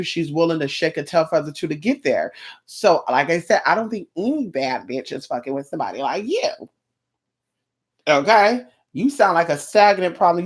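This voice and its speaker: A woman ranting in a casual vlog, sassy and blunt, with plenty of profanity and mocking asides. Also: sits low. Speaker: vlogger.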